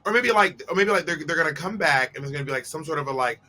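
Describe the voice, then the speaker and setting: Bright-toned man hosting casual recap chat. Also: on the high side, lively intonation, rapid-fire, slight background noise, low-quality recording. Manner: chatty, laid-back, playful teasing. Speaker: show host.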